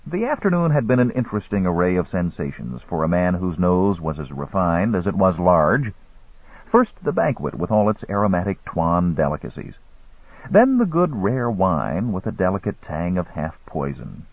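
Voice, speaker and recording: A man reads a story aloud in a wry, telling manner, his husky, lowish voice rising and falling widely. The recording is dry and narrow, like a phone line. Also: very animated, moderate pace, no room sound. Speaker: narrator. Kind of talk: audiobook narration.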